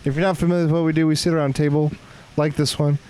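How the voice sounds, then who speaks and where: A man's voice: fairly high pitch, little pitch movement, racing, noisy background. Joking male podcast host. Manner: joking, laughs often. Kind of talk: casual podcast chat.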